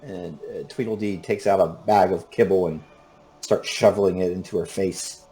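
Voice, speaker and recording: A man's voice: deep voice, fairly even intonation, moderate pace, dark tone, soft background music. A man narrating casually as the game master of a tabletop game.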